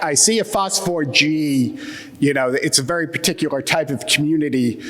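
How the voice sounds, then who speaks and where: A man's voice: fairly high pitch, fairly bright tone. An American man with an Atlantic Midland accent gives a conference talk with dry, self-deprecating humor. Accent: Atlantic Midland American English. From United States. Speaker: conference keynote speaker. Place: conference hall. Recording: long hall reverb.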